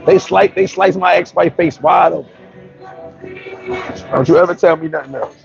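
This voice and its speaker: A man's voice: a little high, normal speed, vocal fry, pauses often, dull audio, over music. A man from New York telling brash, profane stories in a casual storytelling monologue as a vlogger.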